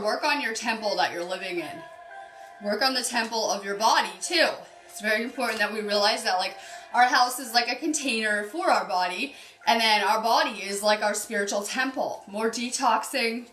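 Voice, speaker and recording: A woman's voice: a little high, normal speed, a bit bright, faint music behind. Chatty spiritual woman in an echoey room. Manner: chatty, laughing, greeting viewers by name. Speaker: spiritual healer reading cards on a live stream. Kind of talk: casual live-stream card reading.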